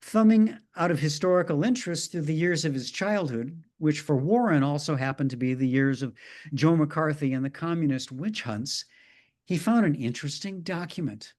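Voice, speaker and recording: A man's voice: fairly high pitch, moderate pace, darkish tone. A middle-aged male minister telling a story in a sermon, with dry, wry asides.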